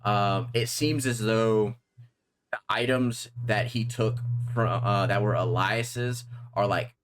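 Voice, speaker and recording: A man's voice: fairly low pitch, steady tone, takes it slowly. A man narrating a tabletop game as game master, rambling with many fillers.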